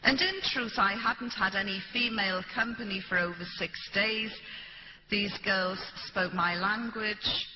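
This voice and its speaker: A woman's voice: mid-range voice, measured pace. A British woman speaking to an audience, telling a first-person story and acting out the people she quotes. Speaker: public speaker. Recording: dull, echoey hall recording with light hiss.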